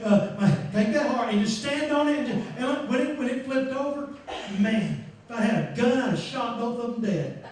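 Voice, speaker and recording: A man pastor preaching a sermon, telling a story with lively acted-out voices and sudden shouts. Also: very high voice, normal speed, slight background noise. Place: church sanctuary. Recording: echoey church room, mic far off.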